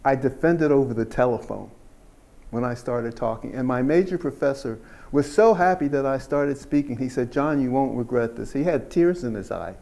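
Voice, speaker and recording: An older man giving a keynote speech, telling his story in an unhurried, earnest way and laughing at himself now and then. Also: mid-range voice, lively intonation, creaky, dark tone. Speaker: keynote speaker.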